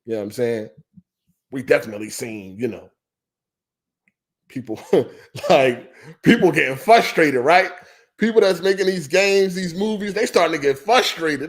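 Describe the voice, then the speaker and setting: A man's voice: sits high, animated, normal speed. A man hosting a gaming podcast livestream, talking on a headset in a loose, profane rant and repeating his points. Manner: profane, ranting, repeats himself. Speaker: podcast host. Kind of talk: casual livestream chat.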